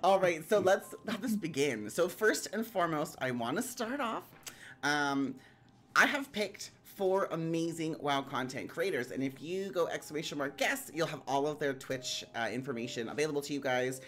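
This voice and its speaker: A woman's voice: low-pitched, normal speed. Giggly woman streamer chatting, swoops up and down a lot, rambly and hyped. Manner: excitable and bubbly, giggles often; rambling, lots of "like" fillers. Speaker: streamer hosting a round table. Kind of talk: casual live-stream chat.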